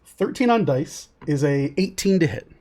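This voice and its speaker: Low-voiced woman running a tabletop game. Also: normal speed, soft background music. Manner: descriptive, calmly narrating. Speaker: game master.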